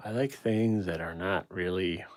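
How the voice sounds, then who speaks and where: A man's voice: low voice, a little slow. A man hosting a painting livestream, chatting casually with viewers and musing self-critically about his work.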